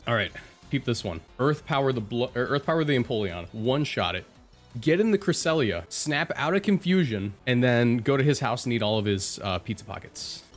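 A man giving jokey, excitable live commentary over his own gameplay, talking back at his opponents. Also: medium pitch, fairly quick, faint music behind. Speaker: video game streamer.

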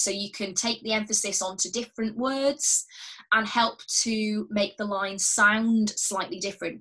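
A woman leading a drama workshop, giving clear, patient, step-by-step instructions and often repeating key words. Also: fairly high pitch, a bit bright. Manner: encouraging and reassuring toward learners at home. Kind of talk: recorded instructional drama lesson.

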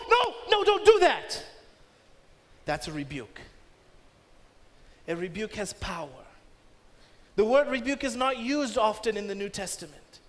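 A man preaching a sermon as pastor, emphatic and rising sharply when he voices commands. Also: sits high. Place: church. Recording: long reverb of a church hall.

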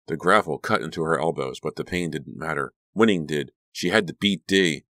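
A man's voice: extremely low pitch, normal speed, pushed and bright, dry recording, clean studio sound. A man narrating a horror audiobook with an intense, vivid reading.

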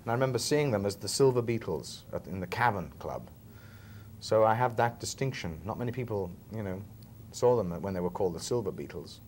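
Low-voiced chatty actor. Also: male voice, animated, brisk, darkish tone, a little hiss or hum. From England, Liverpool. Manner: chatty storyteller, often chuckling. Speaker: film actor guest. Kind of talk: relaxed interview chat.

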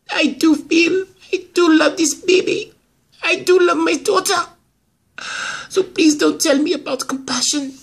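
A performer voicing a scheming older woman who is obsessed with her daughter and grandson, in amateur soap-opera acting. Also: high voice. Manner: haughty, gloating, pleading in turns.

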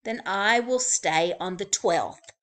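A woman voicing a grumpy, fussy male hotel guest who makes loud, indignant demands, in a storybook reading. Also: medium pitch, slow.

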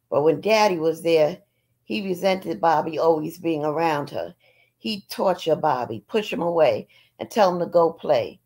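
A woman reading a novel aloud in an unhurried storytelling manner, with small asides. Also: fairly low pitch, vocal fry, a little mellow. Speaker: audiobook reader.

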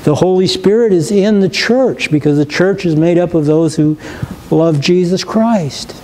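A man's voice: sits high, measured pace, dark tone, a little hiss or hum, low-quality recording. A male pastor giving a sermon in a church, preaching emphatically and reading scripture with rising force. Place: church sanctuary.

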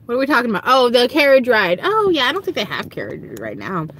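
Young Southern woman streaming from home, with a high, bouncy voice that swoops way up into squeals when she acts out stories. Giggly and loud, talking straight to her chat over a webcam mic. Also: very animated, fast talker, slight background noise. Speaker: livestream host. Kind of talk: casual livestream chat.

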